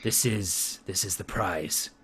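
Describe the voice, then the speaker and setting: A man voicing an imposing orc chieftain who speaks low, slow and solemn. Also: a bit bright, slight background noise.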